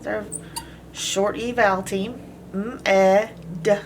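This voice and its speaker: Slow, patient woman phonics teacher. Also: medium pitch, steady tone, background noise. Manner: slow, clearly sounds out words and letters.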